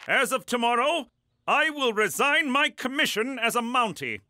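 An actor playing a formal, overly polite Mountie in an adult cartoon. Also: male voice, very high voice, sing-song, moderate pace, pushed and bright, dry recording, full character voice. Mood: resigned. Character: prim Canadian Mountie man, earnest and hapless.

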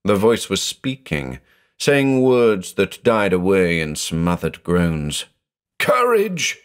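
A man reading a horror story aloud in a dramatic, measured narration. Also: low-pitched, clear, resonant tone.

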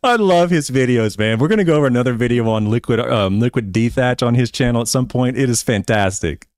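A man's voice: medium pitch, animated, fairly quick, darkish tone, dry recording, clean studio sound. A man hosting a lawn care channel, bluntly debunking claims as he reacts to another creator's video.

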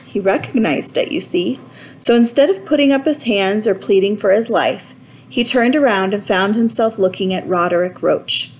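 A woman narrating a children's storybook in a clear, measured reading voice. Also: mid-range voice, a little hiss or hum, poor audio. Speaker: audiobook reader.

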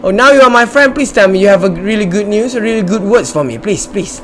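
A man's voice: high voice, animated, fast, a bit bright, slight background noise. A man hosting a casual let's-play video, chatting playfully as he explores, joking and talking back to the game. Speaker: gamer and channel host.

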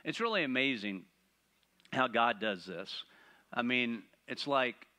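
A man preaching a sermon, animated and playful, asking the congregation rhetorical questions. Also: mid-range voice, slow. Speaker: pastor.

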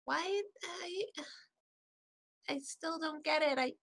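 A woman's voice: sits high, takes it slowly, fairly bright tone, voice pushed up, heavily acted. A woman playing a stammering young bird-folk adventurer. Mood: exasperated. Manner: stammering, hesitant, nervous laughs. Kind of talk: role-playing a character in a tabletop game.

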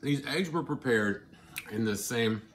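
A man talking casually to his viewers while he eats, chatty and excitable, with mouthfuls and happy murmurs between his sentences. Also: mid-range voice, unhurried, slight background noise. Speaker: vlogger. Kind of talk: casual eating vlog.

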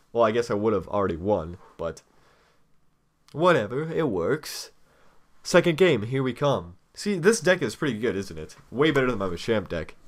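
A man's voice: mid-range voice, a bit bright. Impatient young man narrating a card game. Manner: impatient, teasing, rambling. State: eating chocolate while talking. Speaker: let's play host. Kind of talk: casual gaming commentary.

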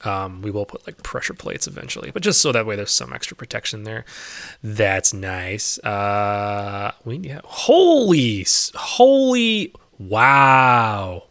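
A man's voice: fairly low pitch, normal speed, gravelly, bright, forceful tone. A man giving casual gameplay commentary as a let's play host, chatty and often laughing, coaxing game animals in a singsong voice.

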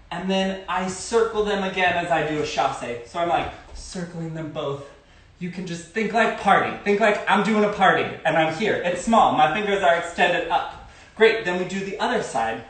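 A man's voice: sits high, normal speed, a bit bright. A man teaching a live-streamed dance class, counting steps aloud with chatty asides. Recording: echoey room, far from phone mic.

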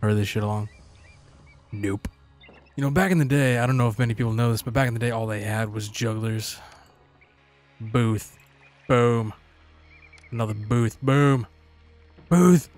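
A man's voice: on the low side, little pitch movement, moderate pace, long pauses, a little mellow, faint music behind. A man giving casual gameplay commentary, swearing and talking sarcastically to the characters on screen. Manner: profane, sarcastic, talks to game characters. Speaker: gaming channel host.

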